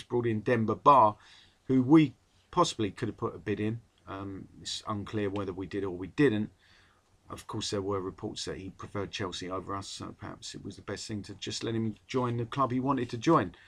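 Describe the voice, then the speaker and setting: A man's voice: lowish voice, fairly quick, a bit bright. A man rambling wryly through a casual solo football podcast as its host. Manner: chatty, rambling, wry.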